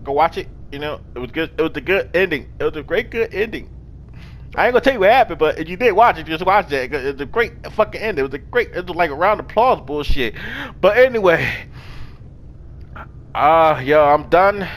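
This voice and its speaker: A man giving casual, excitable let's-play commentary, swearing freely and talking to his viewers and the game's characters. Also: a little high, fairly quick. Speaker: gaming video host.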